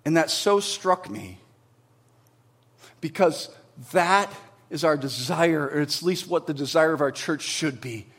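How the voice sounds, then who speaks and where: A man preaching a sermon in an earnest, conversational way, swinging between emphatic peaks and quiet low passages. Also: a little slow, slightly rough. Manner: conversational with tag questions and restarts. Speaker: pastor.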